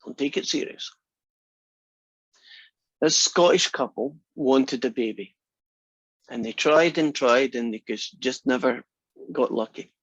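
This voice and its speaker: A man's voice: mid-range voice, a little slow, long pauses, breathy edge, no echo. Chatty male math teacher, dry lo-fi sound. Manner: chatty and joking, talks through steps conversationally. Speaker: math instructor. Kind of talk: casual classroom lecture. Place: classroom. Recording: dry, dull lo-fi lecture recording.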